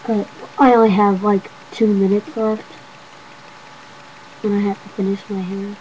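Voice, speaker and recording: A woman's voice: mid-range voice, little pitch movement, unhurried, darkish tone. A young woman chatting casually to her webcam at home, rambling and talking to viewers as y'all. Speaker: vlogger. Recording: dull lo-fi webcam audio with faint noise.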